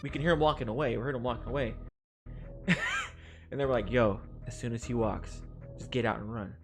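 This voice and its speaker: A man's voice: medium pitch, fairly even intonation, fairly quick. A young man streaming a game, rambling and swearing as he tells an old story with laughs mixed in. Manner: rambling, swears freely, laughs through stories. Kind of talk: casual storytelling while gaming. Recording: game music behind the voice.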